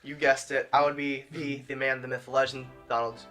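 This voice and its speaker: A man's voice: medium pitch, little pitch movement, brisk, pushed and bright, soft background music. A young man hosting a casual podcast chat, rambling with lots of fillers and frequent laughter. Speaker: podcast host.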